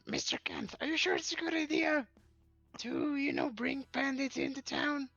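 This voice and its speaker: A woman's voice: sits high, huge pitch swings, normal speed, fairly bright tone, no room sound, highs cut off, soft background music. A woman playing at a tabletop game, hesitant and doubtful, stumbling over words. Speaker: player. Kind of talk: in-character tabletop play.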